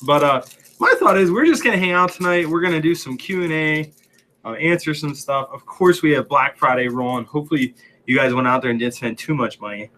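Young male host, relaxed and chatty, reading comments aloud, slightly out of breath, bright upper-middle voice. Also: a little high, brisk, slight background noise. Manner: chatty, laughs often, reads viewer comments aloud. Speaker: livestream host. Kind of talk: casual livestream chat.

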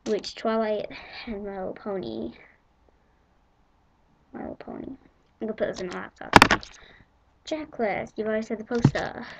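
A female vlogger, chatting excitably to camera about a shopping haul and rambling with giggles. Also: on the high side, a little hiss or hum. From England. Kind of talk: casual chat to camera. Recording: dull lo-fi home video audio.

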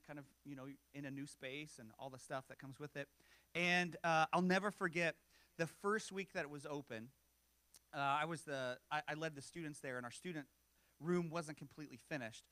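A man's voice: on the high side, bright, forceful tone, dry recording. A man in his forties preaching a sermon in a conversational way, with joking asides and self-deprecating humor. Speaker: pastor.

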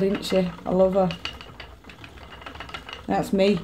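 Slow-talking woman chatting while spinning. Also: medium pitch, level tone, slight background noise, low-quality recording. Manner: sings along softly between chatty remarks. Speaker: spinning vlogger. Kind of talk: casual chat while spinning yarn.

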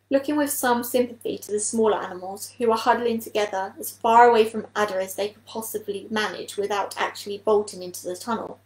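A woman reading a children's animal novel aloud as a storyteller, steady and clear. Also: mid-range voice, a little fast, few pauses, echoey room, low-quality recording.

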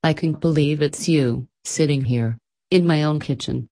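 Husky, excited middle-aged farm mother, read by a woman, low and breathy. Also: measured pace. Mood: fond. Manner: excited, bustling, fond.

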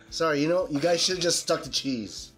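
A man's voice: on the high side, unhurried, a bit bright, soft background music. A man co-hosting a beer review podcast, joking around with crude humor in casual banter. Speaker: podcast co-host.

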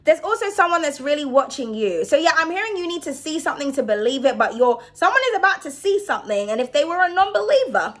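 A woman giving a casual card reading to her viewers, chatty and reassuring, often checking in with "okay?". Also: high-pitched. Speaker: tarot card reader.

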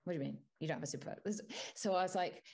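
A woman co-hosting a podcast in casual chat, telling an exasperated story with animated energy. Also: fairly low pitch, racing, vocal fry. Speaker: podcast co-host.

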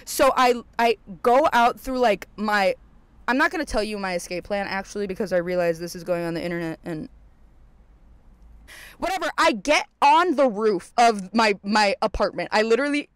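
A young adult podcast host telling a story casually, swearing often, full of fillers, acting out their own past lines, and swinging high and loud when excited. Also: normal speed, clean tone, dry recording.

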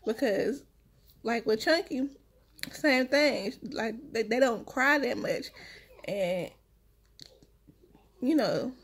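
Husky-voiced woman telling her story. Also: a little high, expressive, takes it slowly, long pauses. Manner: emotional, talks straight to viewers. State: one week after giving birth. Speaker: vlogger, new mother. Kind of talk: casual storytelling to viewers.

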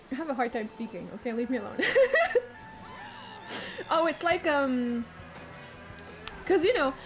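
A woman's voice: sits high, expressive, takes it slowly, long pauses. Brief: chatty Quebec-accented woman, French native, raised voice, throat wearing out, game music behind. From Quebec, Canada. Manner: chatty, swears a lot, laughs often. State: voice giving out, sore throat. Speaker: streamer. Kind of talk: casual gaming stream chat.

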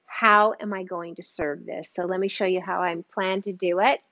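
A woman's voice: lowish voice, steady tone, moderate pace, fairly bright tone, no echo, lo-fi sound. A woman hosting a live cooking demonstration from her kitchen, gushing and chatting with her viewers. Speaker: cooking show host.

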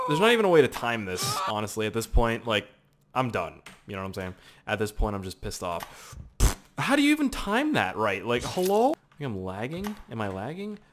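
A young man from Canada giving joking, animated let's-play commentary, swearing freely as he plays. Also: medium pitch, noisy background. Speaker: gaming commentator.

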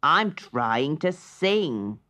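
A woman's voice: rumbling low, sing-song, a little slow, a bit bright, heavily acted. Charlie, a plaintive crow, as a woman voices him. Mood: earnest. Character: small clumsy male crow who wants to sing.

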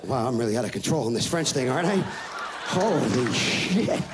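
A man in his thirties doing a loud, profane stand-up rant on a live stage. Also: medium pitch, expressive, normal speed, heavy background noise. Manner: loud, profane, ranting, mocking voices. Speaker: stand-up comedian. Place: stage before a live audience. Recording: live stage recording with audience.

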